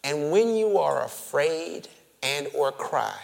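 A man preaching in a big reverberant hall, his fairly high voice leaping up and down in pitch. He takes his time, slowing down to stretch key words. He drops to a near whisper, then builds to loud, emphatic declarations. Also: very animated, creaky. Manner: swells from hushed, whispered lines to loud emphatic calls; drawn-out words for emphasis, addresses listeners as family. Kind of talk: sermon. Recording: long reverb of a large hall.

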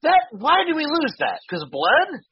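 A man's voice: extremely high pitch, huge pitch swings, moderate pace, muffled recording, slight background noise. A man hosting a podcast in a casual, profane, ranting way with laughing asides. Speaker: podcast host.

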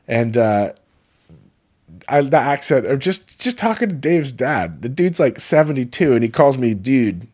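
A man's voice: medium pitch, very animated, measured pace, a little mellow, husky. A man from California casually vlogging, rambling and enthusiastic, jumping from thought to thought. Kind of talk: casual travel vlog.

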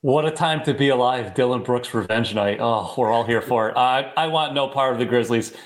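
A man on a sports betting panel, giving quick, punchy, decisive picks. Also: mid-range voice. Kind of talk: casual panel chat.

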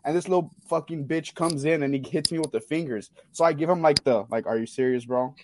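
A young man, telling a rowdy story on a talk show, swearing freely and talking fast. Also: a little high, background noise. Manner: profane, animated storyteller. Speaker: caller sharing a story. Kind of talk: casual storytelling.

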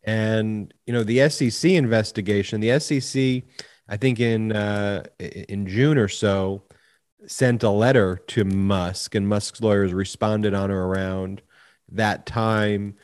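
A man co-hosting a podcast, answering in a calm, measured way. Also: fairly low pitch. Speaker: podcast co-host. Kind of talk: casual chat.

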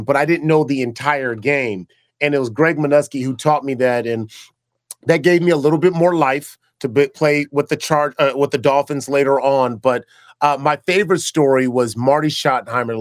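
A man's voice: medium pitch, dry recording, clean studio sound. A man, a former pro football player turned broadcaster, tells stories in a casual interview and acts out the dialogue he quotes. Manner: animated storyteller who acts out quoted dialogue, with frequent restarts.

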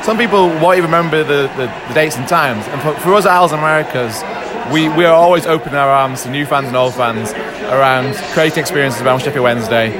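A man with a Yorkshire accent and a slightly high voice talks in an enthusiastic, rambling way. He speaks for a fan group. A loud crowd fills the bar behind him. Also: quick pace. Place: busy bar.

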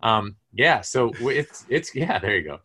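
A man's voice: medium pitch, very animated, unhurried, pushed and bright, slightly rough. A middle-aged man co-hosting a podcast, easygoing and telling stories with many fillers. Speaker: co-host. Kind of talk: casual podcast chat.

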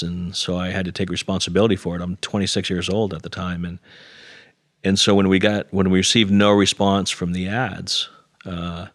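Man, middle-aged, very deep voice, earnest storytelling, self-deprecating, dry sound. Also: fairly bright tone, no echo. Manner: earnest, self-deprecating, quotes others in dialogue. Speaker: interview guest. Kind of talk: conversational storytelling.

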